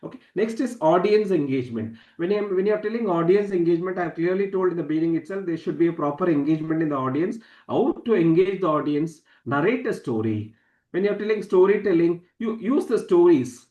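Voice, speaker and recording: A man teaching public speaking in an online masterclass, stressing and repeating key words and deliberately raising and dropping his pitch. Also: animated, a little mellow, echoey room, lo-fi sound. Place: online session from a room.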